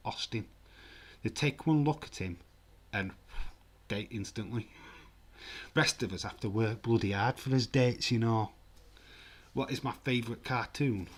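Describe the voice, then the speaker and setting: A man in his forties with a Yorkshire accent, hosting a casual livestream, joking, laughing often and reading out viewer comments. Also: lowish voice. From England. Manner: jokey, laughs often, mild swearing. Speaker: livestream host.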